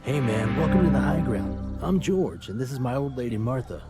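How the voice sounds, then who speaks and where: George, a man doing a mellow hippie trader. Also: medium pitch, lively intonation, moderate pace, loud music behind the voice, close to an everyday voice. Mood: friendly. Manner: easygoing, friendly. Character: laid-back male trader, hippie-ish. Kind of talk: video game voice acting.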